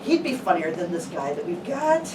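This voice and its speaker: A woman's voice: on the low side, sing-song, normal speed. A woman playing an exasperated, sarcastic school-play organizer in an improv scene, heard from a distance over room noise.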